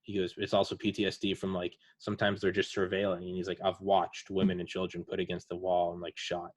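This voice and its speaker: A man's voice: deep voice, completely flat delivery, fast talker, no room sound. A man hosting a casual podcast chat, retelling veterans' war stories in a rambling way with lots of fillers. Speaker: podcast host.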